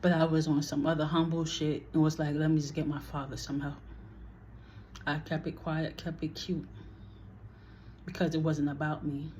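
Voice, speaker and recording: A woman's voice: low voice, level tone, normal speed, long pauses, darkish tone, dull audio, a little hiss or hum. A woman telling a personal story in a casual vlog, blunt and heated, swearing freely and acting out what others said.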